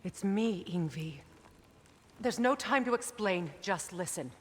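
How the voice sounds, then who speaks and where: A woman's voice: medium pitch, lively intonation, a little slow, long reverb tail, a little hiss or hum, close to an everyday voice. An actress playing a determined female goddess commander, speaking in a commanding, urgent way.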